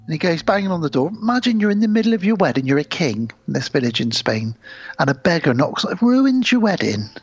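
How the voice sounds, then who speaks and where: Gravelly man retelling film scenes. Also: a little high, brisk, dry recording. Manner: retells film scenes with animated character voices. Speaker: podcast co-host. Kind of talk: casual film review chat. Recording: slightly muffled dry podcast audio.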